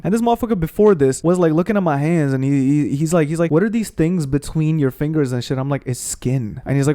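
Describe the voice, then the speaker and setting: A young man ranting fast and profanely about his friends, in an exasperated storytime over gameplay. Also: fairly high pitch, lively intonation, warm tone, no room sound, clean studio sound. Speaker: gaming streamer.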